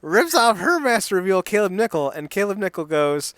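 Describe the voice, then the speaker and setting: A man's voice: high-pitched, very animated, a little fast, fairly bright tone, smooth, no room sound. A young man co-hosting a podcast in casual chat, spinning silly story beats and laughing along. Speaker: podcast co-host.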